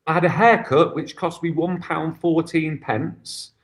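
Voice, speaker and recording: Chatty man, fairly high voice. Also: fairly even intonation, unhurried. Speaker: guest, football academy coach. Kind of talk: casual chat.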